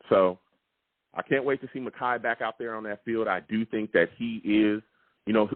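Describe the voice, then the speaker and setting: A man hosting a live call-in sports podcast, talking emphatically and repeating himself with excitement. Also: lowish voice, no room sound. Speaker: sports talk show host. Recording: tinny phone-like, dry sound.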